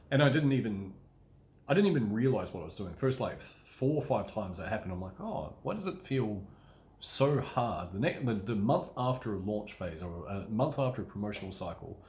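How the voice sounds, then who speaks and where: Lowish male coach, chatty solo monologue, rambling, acts out his inner voice, casual swearing. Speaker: business coach. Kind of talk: casual solo talk to camera.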